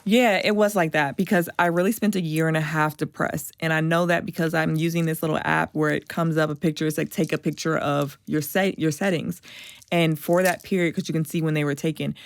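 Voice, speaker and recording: A woman guest on a podcast, telling an emotional personal story in an animated way and acting out the voices of people she quotes. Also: deep voice, a little fast, clear, resonant tone, dry recording, studio quality.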